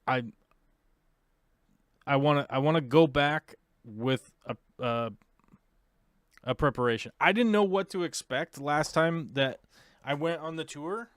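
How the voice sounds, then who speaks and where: A man's voice: a little high, unhurried, long pauses, fairly bright tone, no room sound, studio quality. An American man hosting a live show, talking in a casual, rambling way full of fillers and restarts. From United States. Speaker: host of aquarium livestream.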